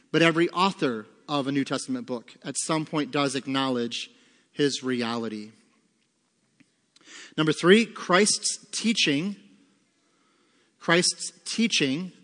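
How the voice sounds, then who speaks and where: Man, pastor, bible teaching, emphatic, rhetorical questions, slightly high voice, long hall reverb. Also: a bit bright. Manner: emphatic, asks rhetorical questions and answers them. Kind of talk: sermon-style Bible teaching with fill-in notes. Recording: long reverb of a large room.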